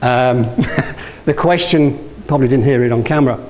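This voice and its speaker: A man's voice: medium pitch, normal speed, a little mellow, poor audio. Anecdotal male motivational speaker. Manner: anecdotal, engages audience with questions; restarts and self-corrections. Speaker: guest speaker. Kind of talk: motivational talk.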